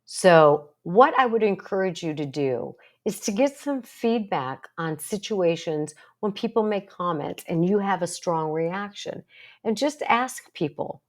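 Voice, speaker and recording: Older lady, low-ish voice, earnest chatty storytelling, asks lots of rhetorical questions. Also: expressive, a little slow. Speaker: psychologist and support group host. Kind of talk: casual talk to camera.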